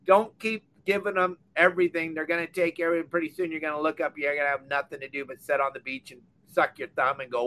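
Fired-up older man, bright and high. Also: steady tone, fast, hardly any pauses. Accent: Southern Californian. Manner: fired-up, blunt, scolding. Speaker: fishing podcast host. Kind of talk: impassioned rant. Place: on a boat or dock.

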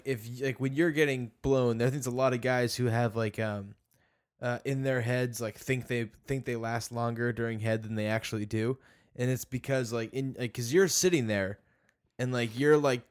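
A man's voice: mid-range voice, normal speed. Laid-back man in crude podcast chat. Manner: laid-back, crude, filler-heavy explaining.

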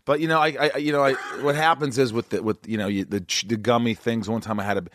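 A man's voice: medium pitch, steady tone, quick pace, a bit bright, dry recording, studio quality. An American man in his forties hosting a podcast, joking around casually and mimicking people in his anecdotes. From United States. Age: 40s. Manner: joking, playful, mimics other voices in anecdotes. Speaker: podcast host. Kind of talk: casual chat.

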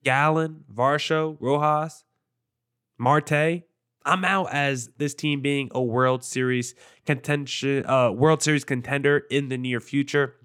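A man's voice: mid-range voice, steady tone, takes it slowly, fairly bright tone, smooth. A man with a mid-range voice talks through his baseball opinions in a loose, casual monologue. He sounds opinionated and conversational, like a host breaking down his team for regular listeners. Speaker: sports show host.

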